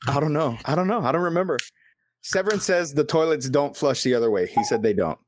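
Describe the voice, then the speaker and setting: A man's voice: a little high, lively intonation, quick pace. A man hosting a podcast in casual chat, telling stories loosely with lots of swearing and filler words. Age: adult father. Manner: loose and profane, full of fillers. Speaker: podcast host.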